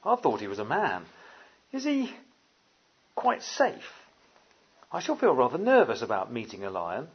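A man's voice: medium pitch, wildly swooping pitch, a little slow, pauses often, slightly rough, highs cut off, exaggerated voice. A man voicing a nervous, prim young girl.

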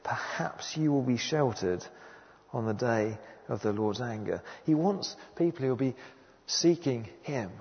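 A man's voice: medium pitch, expressive, unhurried. Emphatic preacher man in echoing hall. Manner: earnest, emphatic, repeats key phrases. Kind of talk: sermon. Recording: dull sound with long hall reverb.

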